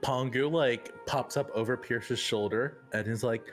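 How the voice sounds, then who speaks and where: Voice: mid-range voice, a little slow, faint music behind. A player at a tabletop game, speaking in character with a hesitant delivery full of "um"s. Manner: hesitant, many "um"s.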